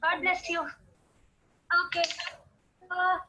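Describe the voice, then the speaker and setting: A woman's voice: very high voice, level tone, extremely slow, bright, forceful tone, lo-fi sound, slight background noise, exaggerated voice. A young woman playing a strict middle-aged male teacher in a comic skit over a video call, scolding in an exasperated way with an Indian English accent. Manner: scolding, exasperated, clipped questions. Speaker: student in a skit.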